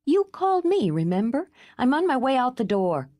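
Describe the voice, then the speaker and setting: A woman's voice: fairly high pitch, animated, a little slow, darkish tone, no echo, clean studio sound, voice pushed up. A woman voicing a fiery, impulsive young woman who is worn out from travel, talking in an urgent, demanding way. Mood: alarmed.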